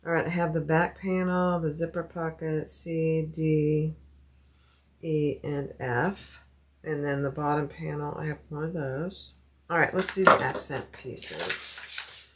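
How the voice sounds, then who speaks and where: Deep-voiced and steady, a woman speaks slowly as she cuts fabric on her sewing livestream. She keeps up casual chat, thinking aloud and welcoming viewers by name.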